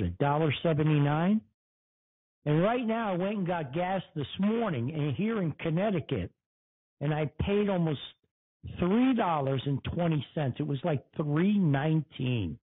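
The tinny, phone-like recording captures a Connecticut talk show host with a fairly high, breathy voice. He delivers an angry political rant, furious and full of profanity, hammering phrases by repeating them.

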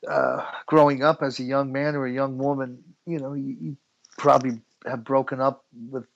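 A man's voice: medium pitch, level tone, moderate pace, vocal fry, muffled recording. A middle-aged man from the United States telling stories as an interview guest, chatty and laughing often. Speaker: guest musician. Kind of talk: relaxed storytelling interview.

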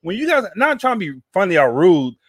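A man's voice: high-pitched, sing-song, fairly quick, a bit bright, dry recording, studio quality. A man hosting a podcast in casual chat, rambling and repeating words with plenty of slang. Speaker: podcast host.

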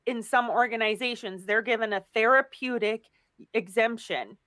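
A woman with a high voice explains things in a steady, measured way. She sounds like a strength coach talking as a guest in a casual chat. The recording is dry, with no room sound. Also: no room sound.

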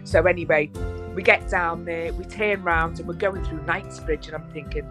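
A woman with a Scouse accent, a podcast guest chatting casually and telling lively stories, swearing freely. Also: lowish voice, normal speed, over music. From England. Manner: lively storyteller, swears freely, laughs often.

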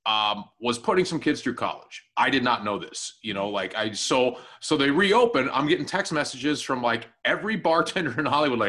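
Talking at a fairly quick clip with few pauses, a medium-pitched man, co-host and new tech guy on a casual podcast, spins a lengthy, profane anecdote. He animates it by performing everyone's quoted lines.

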